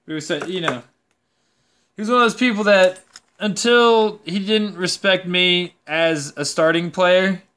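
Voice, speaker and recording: Young guy ranting about games, swears a lot, rambles, high bright voice. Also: a little slow. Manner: profane, rambling, animated. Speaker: gaming video host. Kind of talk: casual rant to camera.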